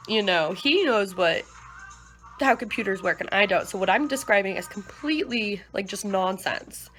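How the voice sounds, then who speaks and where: A woman's voice: mid-range voice, expressive, normal speed, fairly bright tone, soft background music, poor audio. A nineteen-year-old woman vlogging in a chatty, rambling way, full of fillers. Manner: chatty, rambling, with many likes and you-knows. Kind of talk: casual vlog chat.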